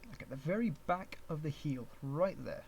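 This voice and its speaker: A man's voice: fairly high pitch, expressive, moderate pace, a little mellow, a little hiss or hum. A man with an English accent, originally from Canada, teaching 3D rigging on a live stream. He talks to himself as he works, restarting sentences and chuckling at his own asides. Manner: chatty, rambling, restarts often, chuckles at himself. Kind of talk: live-stream tutorial, thinking aloud.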